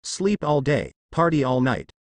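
A man's voice: a little high, expressive, unhurried, no room sound, studio quality. A man voicing a sarcastic, wisecracking young male hunter in a fan story reading. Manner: sarcastic, joking.

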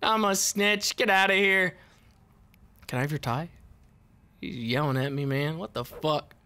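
A young man doing casual gameplay commentary, excitable and swearing a lot, yelling at the game. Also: fairly high pitch, a little slow, clean tone. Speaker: let's play host.

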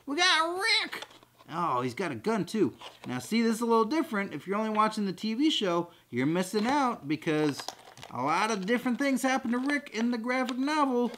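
A goofy, excitable man hosting an unboxing vlog with jokey chatter. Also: sits high, brisk, slight background noise.

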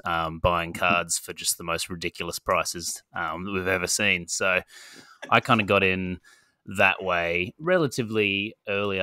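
A man with a very deep but bright, forceful voice, recorded dry and close. He chats as a podcast guest with self-deprecating sarcasm, chuckling through his stories. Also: smooth, dry recording. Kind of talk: casual chat.

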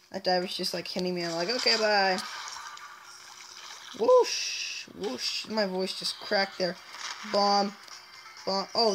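A woman's voice: mid-range voice, fairly bright tone, a little hiss or hum, poor audio. A woman giving casual, playful let's-play commentary as she plays, chatting to herself and taunting enemies in a mock-villain way. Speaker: gameplay commentator.

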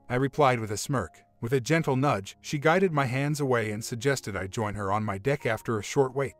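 Man storyteller, steady even narration, mid-pitched voice, quiet music under it. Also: fairly quick, few pauses. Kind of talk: read-aloud first-person story narration. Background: faint background music.

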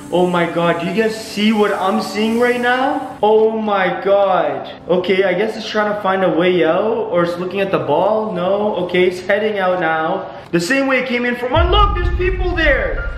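A young man narrating his vlog in an excitable way, gasping often. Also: high-pitched, roomy sound. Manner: excitable, keeps gasping "oh my God". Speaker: vlogger.

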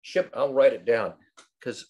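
An older man in a casual group discussion, telling wry stories in a lively, animated way. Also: medium pitch, unhurried. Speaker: study group participant.

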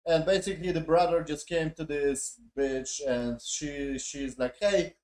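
Guy with a high-ish voice ranting and cussing about a show, sounds fed up, roomy echo. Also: level tone, a little slow, darkish tone. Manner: crude, mocking, exasperated. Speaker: show reviewer. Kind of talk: profane casual rant. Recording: echoey room.

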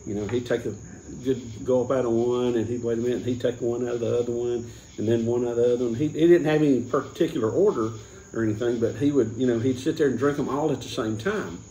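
Man, casual beer-tasting chat, rambling, mid pitch, echoey room, faint hiss. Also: fast, mellow. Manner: rambling, full of restarts and chuckles. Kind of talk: casual chat, telling a joke.

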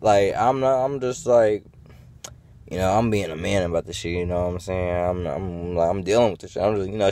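Man, low voice, rambling and profane, venting to camera, dry close sound. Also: no room sound. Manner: profane, rambling, frequent fillers. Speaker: vlogger. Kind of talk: casual venting monologue.

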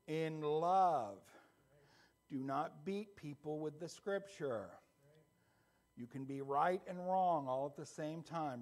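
A man pastor preaching a conversational sermon that builds into a loud, fervent closing prayer. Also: mid-range voice, slightly rough. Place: church sanctuary.

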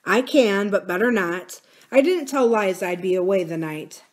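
A woman reading the part of a thoughtful older farmer, in a musing, gently philosophical manner. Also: high-pitched, expressive, normal speed.

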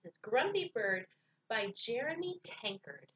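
A woman librarian reading picture books aloud to children in an expressive storytime voice. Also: on the high side, a little slow, recorded from a distance, highs cut off, noisy background.

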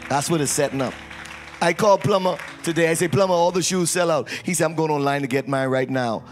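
Playful pastor leading a church service. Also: male voice, fairly high pitch, fast, soft background music, a faint crowd. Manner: playful, teasing, call-and-response with congregation. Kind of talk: church service announcements and prayer. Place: church sanctuary.

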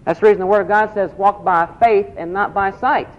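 A man's voice: high-pitched, steady tone, a little fast. A man preaching a sermon, asking the congregation questions and repeating key phrases. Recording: dull lo-fi recording.

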